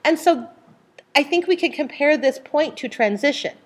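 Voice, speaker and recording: A middle-aged woman leading a casual group Bible study, animated, full of restarts and acting out voices. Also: normal speed. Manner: animated, acts out voices with sudden high outbursts.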